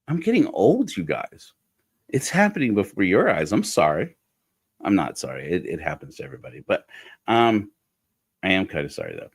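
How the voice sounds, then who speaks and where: A middle-aged man delivers casual sermon-style commentary in a low voice that swings widely and animatedly in pitch. He rambles, corrects himself mid-thought and drops wry asides as he goes. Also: very animated, moderate pace, breathy edge. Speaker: podcast host.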